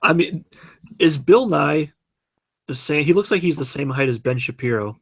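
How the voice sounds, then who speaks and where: A man's voice: on the high side, lively intonation, normal speed. A man co-hosting a casual podcast chat, joking and incredulous. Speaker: podcast co-host.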